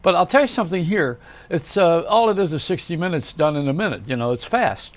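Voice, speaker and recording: A man's voice: on the high side, lively intonation, fairly quick. Wisecracking older man, rambling monologue. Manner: rambling wisecracks and one-liners; chatty, talks straight to the viewer. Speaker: host. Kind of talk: comedic monologue.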